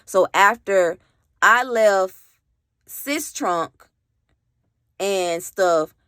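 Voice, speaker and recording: This woman's medium-pitched voice is extremely slow, a bit bright and smooth, captured in studio quality with no room sound. As a vlogger doing a casual storytime monologue to camera, she speaks emphatically, repeats "literally," swears freely and talks right to her viewers.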